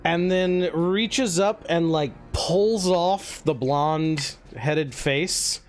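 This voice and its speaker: A man running a tabletop game as dungeon master, narrating slowly with lots of fillers. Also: on the high side. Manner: slow, hesitant narration with fillers.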